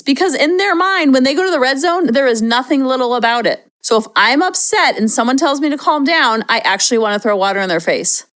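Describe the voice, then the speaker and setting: A woman's voice: fairly high pitch, a bit bright. A woman hosting a parenting podcast, giving casual, upbeat advice in a chatty way. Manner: chatty and upbeat, slips into playful acted demonstrations.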